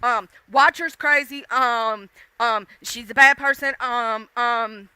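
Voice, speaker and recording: Bright, chatty woman livestreaming. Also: fairly high pitch, takes it slowly, clear, resonant tone, no room sound. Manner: chatty, playful, full of fillers and laughs. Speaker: livestream host. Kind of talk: casual chat with viewers.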